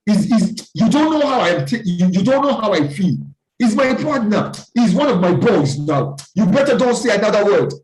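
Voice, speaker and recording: A talk show host voicing excited adult male football fans who trade loud, rapid, mock-threatening banter. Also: very high voice, far from the mic, heavily acted. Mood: heated banter. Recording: roomy echo.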